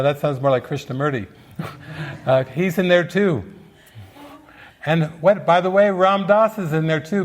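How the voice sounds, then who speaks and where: A man talking unhurriedly in a fairly high voice, musing over a film scene as a spiritual teacher. He is playful and breaks into laughter now and then. He slips into quoted voices as he goes. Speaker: spiritual teacher giving movie commentary. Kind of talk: casual spiritual commentary.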